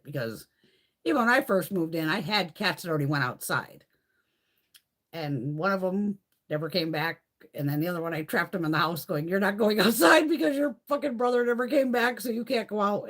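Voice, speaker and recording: A woman hosting a beauty live stream from home, chatting casually with blunt, profane storytelling. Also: lowish voice.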